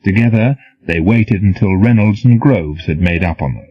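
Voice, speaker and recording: A man reads a novel aloud in a measured, even storytelling manner. His voice is deep and husky, heard in a dry, dull, lo-fi recording. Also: no room sound. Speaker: audiobook narrator. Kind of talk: scripted narration.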